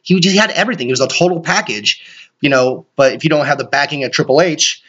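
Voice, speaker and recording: A man hosting a solo podcast, rambling excitably and swearing often. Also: a little high, fast, slightly rough. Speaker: podcast host. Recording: dull lo-fi recording.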